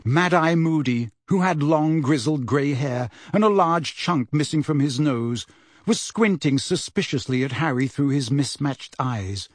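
Animated husky male storybook narrator. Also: a little high, measured pace, dry recording, studio quality. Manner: expressive, animated reading. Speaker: audiobook narrator.

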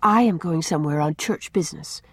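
A woman's voice: fairly high pitch, very animated, normal speed, husky, dry recording, pitched above the performer's own voice. A woman voicing a bold, self-assured young girl with a lofty, airy, matter-of-fact manner.

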